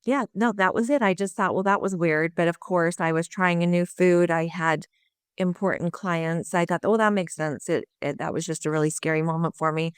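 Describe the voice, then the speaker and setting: A middle-aged woman telling her recovery story in an interview, earnest and lively, acting out her own past thoughts. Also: fairly low pitch, normal speed, clear, resonant tone, no echo, studio quality. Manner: earnest, lively retelling with quoted inner thoughts.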